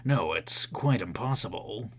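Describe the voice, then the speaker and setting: A man voicing a pompous, evasive old male lawyer with a gruff, drawling manner. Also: on the low side, lively intonation, a little slow, fairly bright tone, a little hiss or hum.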